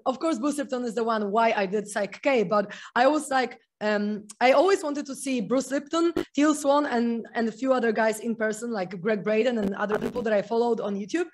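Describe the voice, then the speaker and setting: A woman hosting an interview, telling a story in an excitable way and laughing often. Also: fairly high pitch. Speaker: podcast host. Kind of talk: casual interview chat.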